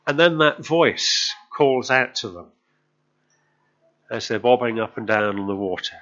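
A man's voice: mid-range voice, expressive, unhurried, a bit bright, muffled recording. Man preaching a conversational sermon. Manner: conversational storytelling, asks the congregation questions.

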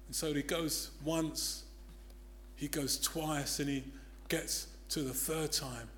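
Emphatic older man preaching, fairly high voice. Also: slow pace, slight background noise. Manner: emphatic, swinging between loud declaring and hushed tones. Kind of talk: sermon.

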